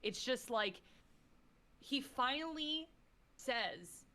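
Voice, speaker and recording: A woman's voice: a little high, expressive, takes it slowly, bright, forceful tone. Gushing, foul-mouthed woman guest. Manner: effusive, swears freely, fillers of "like"; emotional, gushing. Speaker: podcast guest. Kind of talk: impassioned casual chat.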